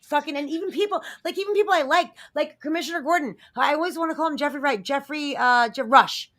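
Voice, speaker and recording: A woman's voice: high-pitched, fast, fairly bright tone. A woman on a live entertainment news show, ranting bluntly and swearing freely in casual chat.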